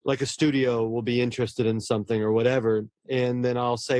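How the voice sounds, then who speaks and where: A man's voice: medium pitch, flat delivery, brisk, darkish tone, no echo, studio quality. A man, a horror novelist, talking earnestly and at length in a casual interview, often restarting his words.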